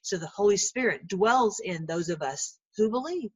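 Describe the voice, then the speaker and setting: Animated woman teaching scripture. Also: medium pitch, normal speed, husky, no echo, muffled recording. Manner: earnest and animated, laughs often, repeats words. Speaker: Bible teacher. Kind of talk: informal Bible teaching and prayer.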